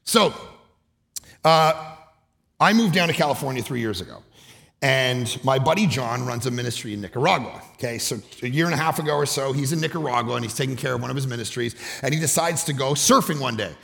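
A man from Canada preaching a sermon, moving between hushed storytelling and loud shouting, with a gravelly voice. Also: mid-range voice, fast. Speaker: pastor. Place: church auditorium. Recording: long reverb of a large hall.

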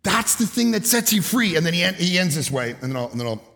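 Gravelly preacher in a reverberant hall. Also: male voice, high-pitched, very animated, quick pace. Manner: swings from hushed storytelling to loud shouting. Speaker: pastor. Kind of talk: sermon. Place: church auditorium. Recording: long reverb of a large hall.

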